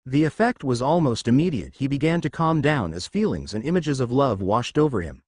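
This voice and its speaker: A man narrating a fan fiction story in a steady, expressive storytelling voice. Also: medium pitch, a little fast, dry recording, clean studio sound.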